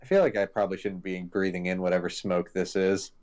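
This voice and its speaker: A man's voice: low-pitched, fairly even intonation, fast, a little mellow. A man streaming a horror game, reacting and thinking aloud as he plays, swearing often. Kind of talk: casual live gaming chat.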